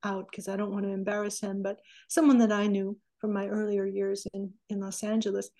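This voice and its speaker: Woman in her sixties, interview guest, mellow and warm, animated anecdotes. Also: mid-range voice, fairly quick. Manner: animated, acts out quoted remarks. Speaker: interview guest, recording engineer. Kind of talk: conversational storytelling.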